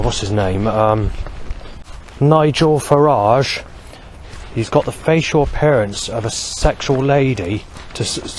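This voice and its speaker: A man talking alone to camera in a rambling monologue, halting often to search for words. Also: medium pitch, darkish tone, a little hiss or hum. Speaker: vlogger.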